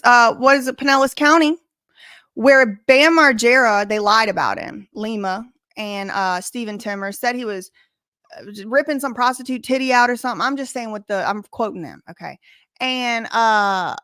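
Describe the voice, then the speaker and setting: A woman's voice: a little high, fairly bright tone, clean tone, no echo, clean studio sound. A woman hosting a live reaction stream, talking in an emphatic, profane and defiant way.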